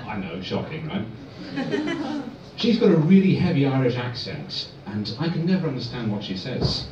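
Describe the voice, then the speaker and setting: A man performing a stand-up comedy set in a club, telling deadpan one-liners. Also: mid-range voice, normal speed, recorded from a distance, slight background noise. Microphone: far phone recording. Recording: echoey dull phone recording from afar.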